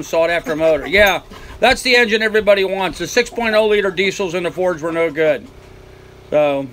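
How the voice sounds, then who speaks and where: A man's voice: sits high, a bit bright, rough recording. An older man from the United States, hosting a live stream from his boat cabin and answering viewer comments in an easygoing way. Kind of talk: casual live-stream chat. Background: faint fan noise.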